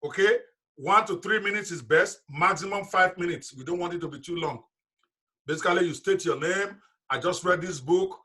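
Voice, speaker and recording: A man's voice: high-pitched, normal speed, pushed and bright, husky. A man leading a live online business seminar, talking directly and emphatically to his audience over a video call.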